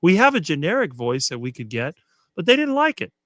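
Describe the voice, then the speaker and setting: A middle-aged man talking casually as a guest and answering quickly with almost no fillers. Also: fairly high pitch, huge pitch swings, fairly bright tone, dry recording. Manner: fluent and quick, few fillers. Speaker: guest on a diet talk show. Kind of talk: casual conversation on a live stream.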